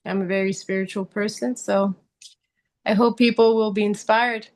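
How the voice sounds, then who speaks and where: A woman actress in an interview, speaking in a mid-range voice. She is earnest and halting, pausing and restarting as she hunts for the right words. She breaks into easy laughter. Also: medium pitch, steady tone. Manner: earnest, speaks of passion and spirituality. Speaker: actress guest. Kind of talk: interview answers.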